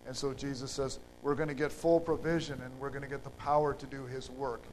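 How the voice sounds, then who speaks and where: A man preaching a sermon in an unhurried, halting way, with fillers and restarts. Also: mid-range voice, level tone, a little hiss or hum, low-quality recording.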